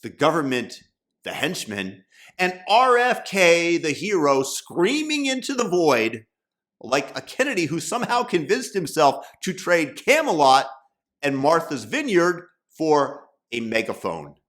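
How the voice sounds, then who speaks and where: A man rants through a satirical commentary in a mocking, sarcastic tone. His voice sits a little high and swings widely in pitch. He takes his time, drawing out each jab. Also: big pitch swings, a little slow, a bit bright. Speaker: commentary host.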